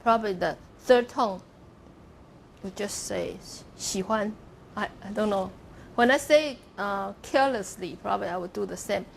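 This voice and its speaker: A woman's voice: mid-range voice, moderate pace, gravelly, slight background noise. A woman giving a university lecture to a class of students, explaining step by step and modelling pronunciations aloud as she goes. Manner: explains step by step, demonstrating pronunciations and asking "okay?".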